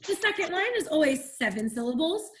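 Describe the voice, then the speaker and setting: A woman's voice: high-pitched, very animated, a little fast, background noise. A woman teacher leading an online class over a video call, encouraging the children and asking them questions as she explains.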